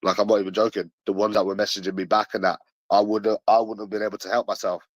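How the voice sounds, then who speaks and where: Brief: London man, late 20s, deep-ish, swaggering rant full of slang and swearing, dry sound. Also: flat delivery, fast, no room sound, dull audio. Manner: swearing, boastful, aggressive slang. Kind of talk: casual ranting monologue.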